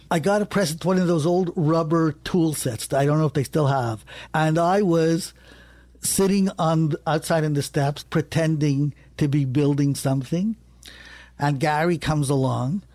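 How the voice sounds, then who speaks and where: Animated man telling a story, dry mic. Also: a little high, no room sound. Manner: animated, rising sharply when excited, with self-corrections. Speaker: storyteller guest. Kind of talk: conversational anecdote.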